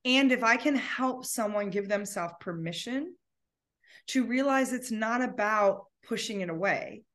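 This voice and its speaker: A woman's voice: on the high side, a little slow, fairly bright tone. A woman talking as a guest in an emotional, heartfelt conversation, at times near tears.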